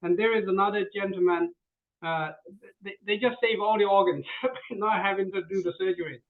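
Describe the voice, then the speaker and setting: A high-voiced man presents a product over a video call, eager and tripping over his words. He often repeats himself as he goes. His line sounds narrow and tinny, like a phone. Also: moderate pace. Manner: repetitive, stumbling, eager. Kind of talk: casual sales chat.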